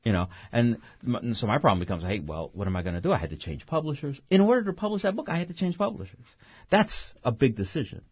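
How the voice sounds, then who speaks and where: A man's voice: mid-range voice, sing-song, fast talker, slightly rough, dry recording, highs cut off. A novelist being interviewed. He talks expressively and often restarts mid-phrase. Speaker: novelist guest. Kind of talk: interview conversation.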